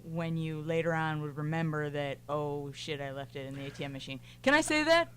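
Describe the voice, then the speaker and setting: A man guest on a comedic talk show in a radio studio, jokey and quick to throw in silly sound effects. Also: fairly high pitch, animated, fairly bright tone, slight background noise. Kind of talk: casual comedic banter.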